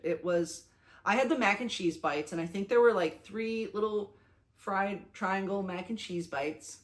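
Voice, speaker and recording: A young woman records a casual vlog, recounting her day with eager, gushing excitement. She talks in a chatty way, full of fillers and restarts, and her voice sits at a middling pitch. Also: a little slow. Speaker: vlogger. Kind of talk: casual talking-head vlog.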